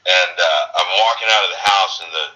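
A man guesting on a podcast over a video call, talking in a halting, chatty way with many restarts. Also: sits low, sharp tone, dull audio. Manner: halting, repeats words, laughs often. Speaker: actor guest. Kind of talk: casual interview chat.

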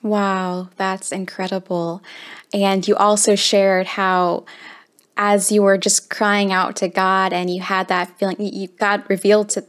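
A woman interviewer gently prompting her guest to share her story. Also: mid-range voice, little pitch movement, a little slow. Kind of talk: interview questions.

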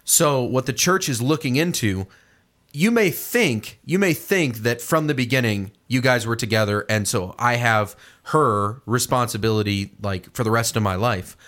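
A man co-hosting a casual conversation, telling stories in an animated way. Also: mid-range voice, moderate pace. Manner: animated storyteller, acts out quoted voices.

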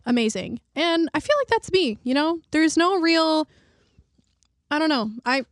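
A woman's voice: sits high, animated, measured pace, no echo, clean studio sound. A woman co-hosting a casual food podcast, chatty and rambling, using slang. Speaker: podcast co-host. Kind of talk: casual chat.

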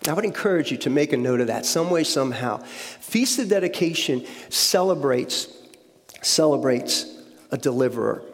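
A man giving a conversational sermon as a guest speaker, often repeating words and checking in with the audience. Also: mid-range voice. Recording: long hall reverb.

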